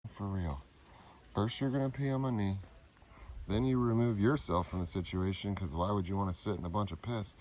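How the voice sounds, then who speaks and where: Low-voiced, cussing man, casual vlog. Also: a little mellow, slight background noise. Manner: profane, loose, talks to animals in a coaxing tone. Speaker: animal keeper vlogger. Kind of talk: casual unedited vlog talk. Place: outdoors on a property with animals.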